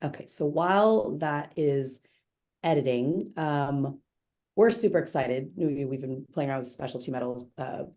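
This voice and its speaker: A woman walks viewers through a software demo on a video call. Her voice sits low and mellow. She talks in a chatty, upbeat way, with quick self-corrections. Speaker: webinar presenter demoing software. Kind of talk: live product demo.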